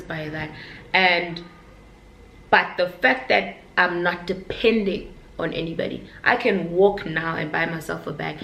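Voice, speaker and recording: A young woman vlogger chats candidly straight to her viewers, her fairly low voice bright and pushed, with vocal fry. The casual talk to camera is recorded in an echoey room with faint background noise.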